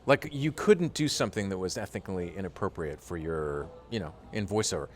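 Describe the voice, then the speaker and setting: Low-voiced man telling stories with fillers. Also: a little fast. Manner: animated storyteller with frequent fillers. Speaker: interview guest, voice actor. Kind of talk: casual interview chat.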